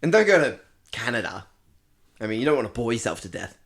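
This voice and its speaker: Animated Australian man telling a story. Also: medium pitch, quick pace. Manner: animated, laughing, swearing, acting out voices in anecdotes. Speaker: podcast co-host. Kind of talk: casual chat, storytelling.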